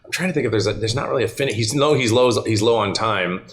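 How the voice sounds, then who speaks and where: A man playing a tabletop game as a guest, animated, laughing and thinking aloud. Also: lowish voice, quick pace. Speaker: guest player. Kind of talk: casual tabletop play. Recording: echoey room with crowd noise.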